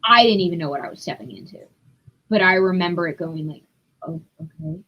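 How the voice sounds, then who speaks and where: A young adult woman, a podcast guest, telling her story in a candid, profane and animated way. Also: lowish voice, fast talker, lo-fi sound. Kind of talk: casual storytelling.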